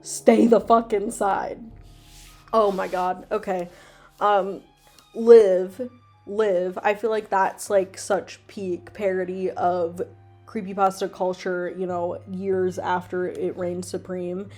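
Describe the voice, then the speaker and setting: A woman's voice: fairly low pitch, level tone, takes it slowly, darkish tone, soft background music. A young woman hosting a casual, comedic video, rambling with lots of ums and ironic asides. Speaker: video host reading fan fiction.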